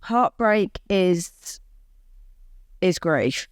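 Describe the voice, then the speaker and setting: A woman's voice: fairly low pitch, lively intonation, very slow, clean tone, no echo, studio quality. A woman co-hosting a podcast, earnestly reassuring listeners in casual chat. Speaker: podcast co-host. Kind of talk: casual chat giving advice.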